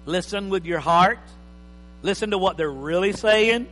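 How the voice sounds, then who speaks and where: A high-voiced male pastor preaching with a bright, forceful tone. He is emphatic, jumping between loud declarations and soft asides. The sound carries a long hall reverb with a faint hum underneath. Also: a little slow. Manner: emphatic, varies volume from loud bursts to quiet asides. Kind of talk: sermon. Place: church hall.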